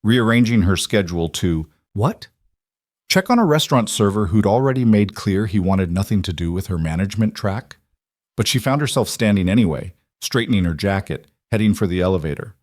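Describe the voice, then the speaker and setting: Low steady male story narrator. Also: brisk, no echo, clean studio sound. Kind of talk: scripted drama narration.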